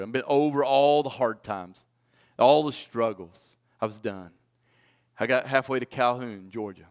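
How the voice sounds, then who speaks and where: A man in his forties preaching a personal testimony, swinging from loud pleading to hushed, low confession. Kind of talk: sermon testimony.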